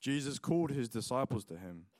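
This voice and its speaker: A man's voice: mid-range voice, brisk, no room sound, clean studio sound. A young man preaching a sermon, mixing chatty personal stories full of likes and ums with Bible reading. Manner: chatty, lots of likes and ums, animated retelling.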